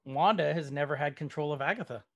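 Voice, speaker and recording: Gravelly, slightly high-voiced man chatting. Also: fast talker, fairly bright tone. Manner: chatty, leads the discussion, many fillers. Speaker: podcast co-host. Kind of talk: casual chat recapping a TV episode.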